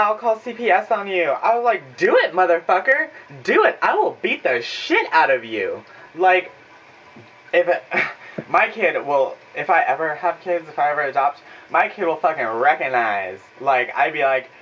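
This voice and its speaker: Young dude vlogging from his kitchen, sarcastic and cussing nonstop, dull phone audio, faint hiss behind. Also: mid-range voice. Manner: profane, animated, sarcastic. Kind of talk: casual ranting storytime. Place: home kitchen. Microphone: phone camera.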